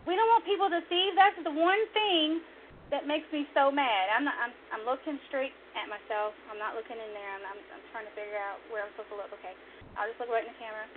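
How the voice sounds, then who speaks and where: A woman hosting an online religious talk show, speaking fervently and preachily, rambling and repeating herself. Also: high-pitched. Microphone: online radio stream. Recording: tinny phone-line audio, faint noise.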